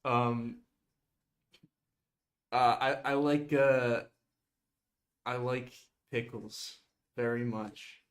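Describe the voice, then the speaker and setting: A man's voice: medium pitch, fairly even intonation, very slow, long pauses. A man chatting on a livestream, hesitant and stammering, shy about doing voices. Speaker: guest on an art livestream. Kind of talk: casual chat.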